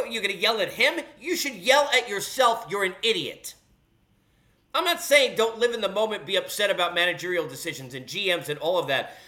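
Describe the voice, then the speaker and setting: A man's voice: high voice, bright, forceful tone. A man hosting a sports talk show, ranting in a heated, sarcastic way full of rhetorical questions. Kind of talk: animated sports commentary rant.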